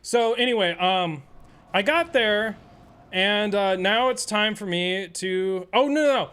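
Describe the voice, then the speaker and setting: A man's voice: high voice, expressive, unhurried, a bit bright, clean tone. A man streaming a game and telling a rambling, profane, sarcastic story in casual chat. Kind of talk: casual storytelling while gaming.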